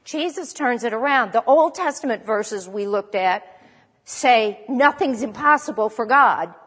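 A woman's voice: on the high side, lively intonation, unhurried, fairly bright tone, breathy edge. Woman preaching in an echoing hall. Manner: conversational, with restarts and self-corrections. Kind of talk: sermon.

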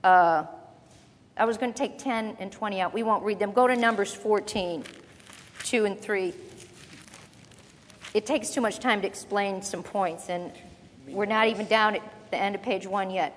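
A woman preaching a sermon, teaching from the Bible in a conversational, animated way with quick asides. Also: mid-range voice, a little hiss or hum. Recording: long reverb of a large hall.

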